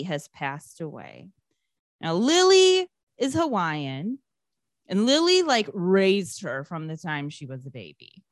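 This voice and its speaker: A woman co-hosting a podcast who recaps a movie casually, with lots of swearing and animated asides. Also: mid-range voice, no room sound, studio quality. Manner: profane, animated storytelling. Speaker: podcast co-host.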